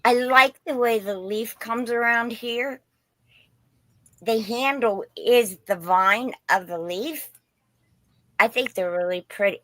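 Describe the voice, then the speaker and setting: Slow, folksy Indiana woman host. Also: a little high, fairly bright tone, no echo. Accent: Southern Indiana, mixed with Pennsylvania. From Southern Indiana. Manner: chatty, folksy, rambling. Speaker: host selling vintage glass. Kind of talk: casual live-stream sales chat.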